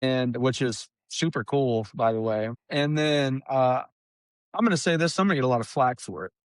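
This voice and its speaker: A young man hosting a podcast, telling rambling, profane stories about his trucking job in a casual, animated way. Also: medium pitch, moderate pace, no room sound, clean studio sound. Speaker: podcast host. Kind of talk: casual storytelling chat.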